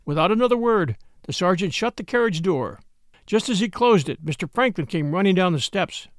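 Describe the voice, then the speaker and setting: Man, high voice, very lively pitch, expressive audiobook narration, dry close recording. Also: a little fast, no room sound. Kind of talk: scripted narration of a classic novel.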